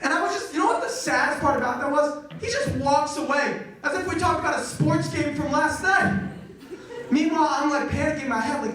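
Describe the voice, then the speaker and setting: A man performing a stand-up comedy set, telling stories loudly and acting out the voices of people in them. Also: extremely high pitch, a little fast. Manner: loud, animated storytelling with acted-out quotes. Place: college theater stage with audience. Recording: echoey live venue, mic from a distance.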